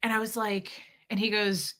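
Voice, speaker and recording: With a flat delivery, moderate pace and a slightly bright medium-pitched voice, a middle-aged woman candidly talks about her own life. At times she slips into the voices of the characters in her stories.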